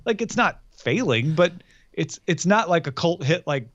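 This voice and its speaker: Male co-host, slightly high voice, dry humor, muffled recording. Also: lively intonation, moderate pace, a bit bright. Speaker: podcast co-host. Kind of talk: casual chat.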